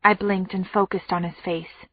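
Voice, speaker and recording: A woman narrating an audiobook in the first person, in a measured, anxious tone. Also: on the low side, little pitch movement, no room sound. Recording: tinny phone-like audio.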